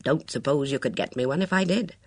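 A reader voices a reserved police chief inspector who mutters his thoughts. The voice drops a little lower and quieter than the narration. Dry, close sound. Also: brisk, no echo, close to an everyday voice. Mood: musing. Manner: low-key, musing.

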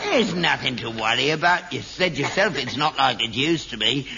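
A man's voice: medium pitch, lively intonation, moderate pace, vocal fry, dull audio, very noisy. An actor playing a selfish, cantankerous elderly father, grumbling and blunt, in an old sitcom recording. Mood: mocking. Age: older. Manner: grumbling and self-pitying, blunt.

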